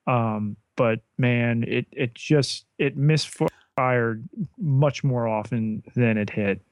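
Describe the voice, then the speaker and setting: A man's voice: medium pitch, slow, no echo. A man co-hosting a podcast in casual chat, with dry, sarcastic remarks and frequent "uh" and "you know". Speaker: podcast co-host.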